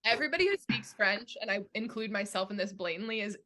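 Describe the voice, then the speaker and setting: Young woman, podcast guest; bright, forceful tone, laughing storyteller. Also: medium pitch, lively intonation, fast. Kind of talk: casual film podcast chat.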